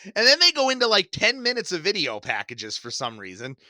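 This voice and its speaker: A man co-hosting a casual podcast, his voice bright and a touch high. He tells stories with animation and laughs often, recorded dry and close. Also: wildly swooping pitch, fairly quick, no echo. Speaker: podcast co-host. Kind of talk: casual chat.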